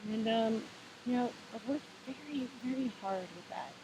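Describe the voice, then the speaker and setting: A woman giving relaxed, meandering spiritual advice in a casual vlog, talking in an encouraging way with many fillers and restarts. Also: fairly high pitch, normal speed. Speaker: vlogger sharing spiritual advice. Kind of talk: casual reflective monologue. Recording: hissy home recording.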